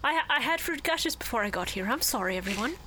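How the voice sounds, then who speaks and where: A woman's voice: a little high, fast, a loud crowd. A woman co-hosting a podcast, talking casually and giggling as she retells scenes. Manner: giggly, animated storyteller. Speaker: podcast co-host. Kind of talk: casual chat.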